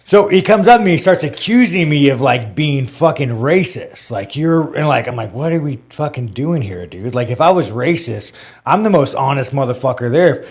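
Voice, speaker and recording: A man's voice: mid-range voice, expressive, moderate pace. A man telling a story in casual, profane podcast talk, rambling and filling his speech with "like". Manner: rambling, heavy use of "like" and swearing.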